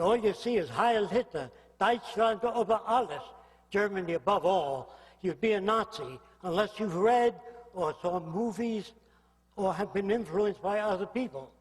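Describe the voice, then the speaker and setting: An older man giving a public lecture, blunt and provocative, prodding his listeners with rhetorical questions. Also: high-pitched. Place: lecture hall. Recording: echoey hall reverb.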